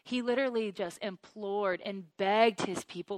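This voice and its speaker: At a normal speed with few pauses, a medium-pitched woman teaches through the Bible, earnest and personal, saying "you guys" as her wonder swells into excitement. She is choked up with emotion, and the audio has no room sound.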